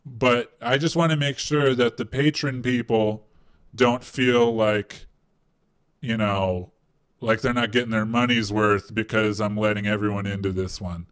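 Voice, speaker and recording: A man's voice: lowish voice, fairly even intonation, unhurried, fairly bright tone, smooth. A man hosting a live call-in stream, chatting casually and rambling with lots of fillers before singing karaoke. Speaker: live call-in show host.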